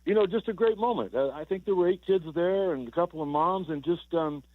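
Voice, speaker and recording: A man's voice: high-pitched, fairly quick, no echo. Older guy phoning into sports radio, stumbles and repeats himself telling stories, thin phone sound. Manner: rambling, repeats words, chuckles through anecdotes. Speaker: former baseball player guest. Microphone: telephone. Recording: tinny dry phone line.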